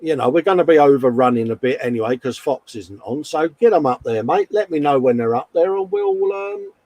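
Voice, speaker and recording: A man's voice: fairly high pitch, very animated, a little fast, darkish tone, no echo, poor audio. A man hosting a live hobby stream in casual chat, laughing often and calling everyone mate.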